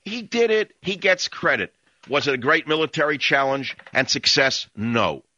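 A man's voice: a little high, animated, normal speed, sharp tone, no room sound, highs cut off. A man hosting a call-in radio show in a studio, rambling and sardonic with strong opinions. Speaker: radio talk show host. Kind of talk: talk radio monologue and call-in. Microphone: studio microphone.

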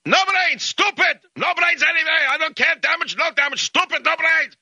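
A man's voice: very high-pitched, normal speed, sharp tone, dry recording, highs cut off, voice pushed up, full character voice. A man voicing an enraged male Russian driver with a Russian accent, who screams the same insult over and over. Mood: furious shouting.

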